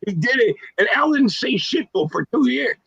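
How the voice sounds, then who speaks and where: A man co-hosting a casual sports podcast, telling stories in an animated way. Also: very high voice, moderate pace, gravelly, husky, dull audio. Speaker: podcast co-host.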